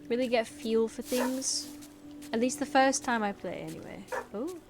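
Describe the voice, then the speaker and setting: A woman's voice: fairly high pitch, normal speed. A woman doing let's play commentary, chatty and giggly as she plays and reads the game text aloud. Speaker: gaming creator. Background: game music.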